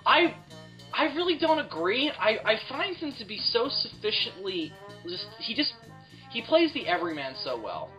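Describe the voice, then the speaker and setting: A woman co-hosting a casual movie chat, animated and opinionated, with frequent fillers. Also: a little high, moderate pace, faint music behind, low-quality recording. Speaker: podcast co-host.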